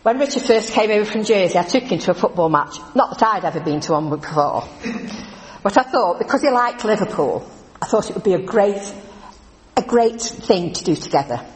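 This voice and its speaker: A woman preaching in a chatty, animated storytelling way in a church. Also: mid-range voice, brisk, slight background noise. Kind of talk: lively church talk. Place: church hall. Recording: echoey church hall from a distance.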